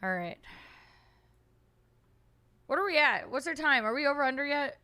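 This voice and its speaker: High-voiced woman streamer chatting. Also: lively intonation, normal speed, bright, forceful tone. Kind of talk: casual chat with stream viewers.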